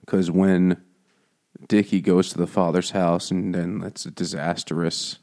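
A man's voice: deep voice, flat delivery, measured pace, darkish tone. A man on a book podcast giving wry, profane commentary in casual chat. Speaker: podcast co-host.

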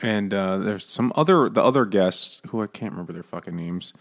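A man's voice: lowish voice, lively intonation, fairly quick. A man co-hosting a casual book discussion, rambling, swearing and laughing.

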